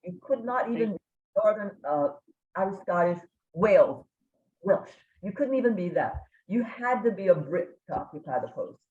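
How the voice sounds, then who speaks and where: An older woman from Kentucky giving a guest lecture, telling a humorous story with dramatic pauses. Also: medium pitch, lively intonation. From Kentucky, USA. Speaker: guest speaker. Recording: echoey room, tinny phone-like sound.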